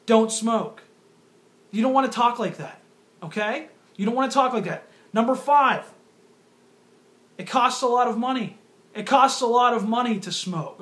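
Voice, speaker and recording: A man's voice: sits high, a bit bright. A young man giving an earnest talk to youth as a ministry speaker, repeating his points and challenging listeners directly. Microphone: phone or webcam camera.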